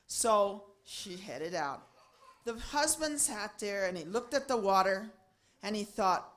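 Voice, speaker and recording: A woman telling a religious story to a gathering, expressive and acting out the characters' voices. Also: slow, background noise. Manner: expressive, swinging pitch and loudness, acting out voices.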